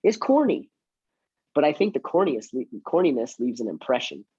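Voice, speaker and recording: Husky-voiced man talking shop casually. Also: mid-range voice, very animated, fairly quick, darkish tone, no room sound, highs cut off. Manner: chatty, self-mocking, acts out door-knock scripts. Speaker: real estate agent and trainer. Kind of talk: casual teaching talk.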